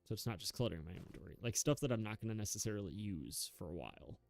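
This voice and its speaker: Casual gameplay commentator, young man, rambling and self-mocking, dark gravelly tone, light music bed. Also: lowish voice, lively intonation, racing, dry recording. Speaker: gaming YouTuber.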